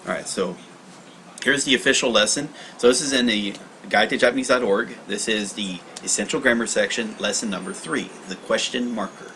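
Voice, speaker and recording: A man's voice: on the low side, brisk, bright, forceful tone, slight background noise, rough recording. A man hosting a casual livestream study lesson, reading aloud and explaining in a rambling, self-correcting way.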